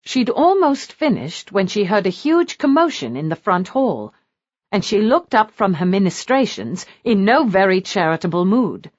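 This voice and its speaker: A woman narrating a historical romance audiobook in an expressive, animated reading style. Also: mid-range voice, normal speed, no room sound, highs cut off.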